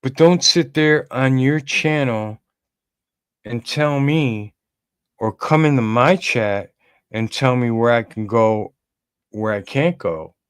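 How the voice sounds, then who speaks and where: A man talks casually on a livestream podcast, rambling and calling out viewers by name. His voice is smooth and clear, and he speaks slowly and unhurriedly. The sound is dry and close, with no room echo. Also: medium pitch. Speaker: podcast co-host.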